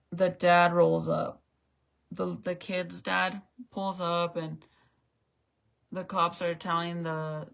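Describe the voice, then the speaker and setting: A woman's voice: mid-range voice, a bit bright. A woman vlogger recounting a story in casual, emotional chat, swearing freely and saying "like" and "bro" a lot. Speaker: makeup vlogger.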